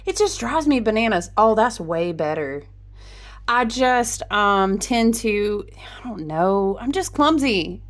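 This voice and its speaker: A woman's voice: mid-range voice, lively intonation, takes it slowly. A woman, chatting playfully with viewers as a tarot reader, laughing often. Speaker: tarot reader and astrology vlogger. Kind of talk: casual chatty livestream talk.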